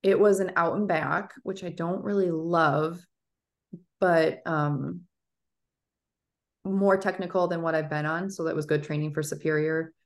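A woman in her thirties, co-hosting a podcast, telling an animated story in casual chat with plenty of fillers. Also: sits low, measured pace. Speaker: podcast co-host.

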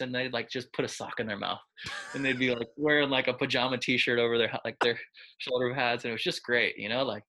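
Gravelly, bright-voiced man telling stories. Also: mid-range voice, steady tone, fast talker. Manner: loose and chatty, heavy with filler words, acts out quoted lines. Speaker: quarterback coach. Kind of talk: casual interview storytelling.

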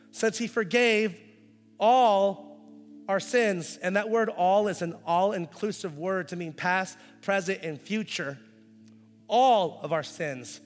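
With a fairly high voice, a male pastor preaches a sermon, sinking to hushed intensity before surging into loud, impassioned pleading as he acts out voices. Each phrase trails off into a long church-hall reverb.

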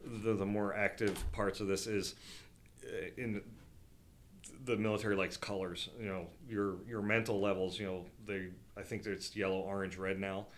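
A middle-aged veteran who leads outdoor programs chats casually on a podcast about outdoor trips, rambling with fillers and restarts. His voice is fairly low with fairly even intonation and a moderate pace, with slight background noise.

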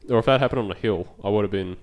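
A man's voice: lowish voice, racing, a little mellow. A young man with an Australian accent, hosting a podcast and telling an anecdote in casual, slangy, swearing chat. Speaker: podcast host.

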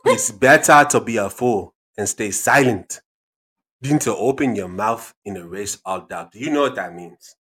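A man's voice: lowish voice, animated, moderate pace, fairly bright tone. A man voicing a stern, lecturing figure in a put-on African accent who hands out wise sayings and keeps asking if he is understood. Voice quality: commanding, repeats questions to the listener.

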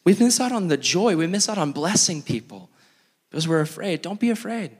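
A male pastor telling a sermon story in an animated, self-mocking way, acting out scenes, in a church hall. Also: high-pitched, a little fast, husky. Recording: long hall reverb.

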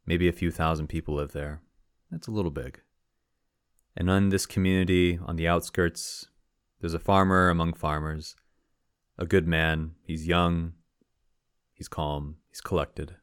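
A man calmly telling a parable on his podcast, asking his listeners rhetorical questions along the way. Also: sits low, smooth, no room sound, clean studio sound. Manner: calm, measured, rhetorical questions. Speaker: podcast host. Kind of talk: storytelling a parable.

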